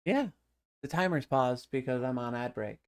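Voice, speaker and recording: A woman's voice: extremely low pitch, moderate pace, a little mellow. Woman streamer, casual chat, playful, talks to viewers off the cuff. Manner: playful, chatty, reacts aloud. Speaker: live streamer.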